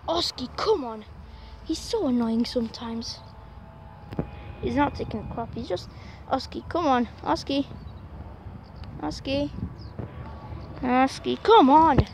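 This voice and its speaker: Young woman, high voice, exasperated dog walker, handheld outdoor vlog with heavy background noise. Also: expressive, slow, pauses often. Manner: exasperated, pleading with her dog. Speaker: vlogger. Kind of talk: casual vlog while walking a dog. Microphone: handheld camera. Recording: loud outdoor noise on camera mic.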